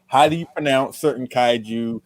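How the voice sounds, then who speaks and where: A man's voice: medium pitch, normal speed, dry recording. A man hosting a live-stream interview, asking questions in a playful, teasing way. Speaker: show host, interviewer.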